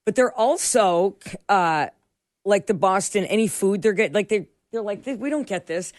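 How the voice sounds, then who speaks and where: A woman's voice: mid-range voice, animated, moderate pace, dry recording, clean studio sound. A woman co-hosting a radio show in casual chat, rambling and searching for words as she goes. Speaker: radio co-host. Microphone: studio microphone.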